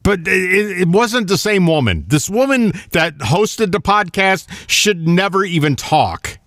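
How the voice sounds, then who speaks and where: A man's voice: sits high, very animated, measured pace, fairly bright tone, no echo, studio quality. A man co-hosting a radio show, telling an exasperated story with swearing and laughing at himself. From the American South. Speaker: radio co-host. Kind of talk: casual radio banter.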